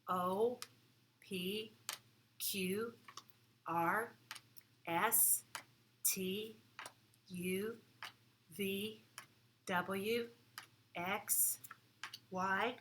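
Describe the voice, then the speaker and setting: Brief: female preschool teacher, slow and patient, bright tone, clear instructions for young kids. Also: medium pitch, slight background noise. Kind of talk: children's lesson. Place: classroom.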